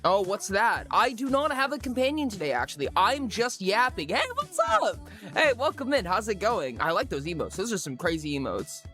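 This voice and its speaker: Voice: medium pitch, very animated, a little fast, hardly any pauses, fairly bright tone, faint music behind. A live streamer chatting casually with viewers, bubbly and rambling, often joking at their own expense. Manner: bubbly, rambling, self-mocking.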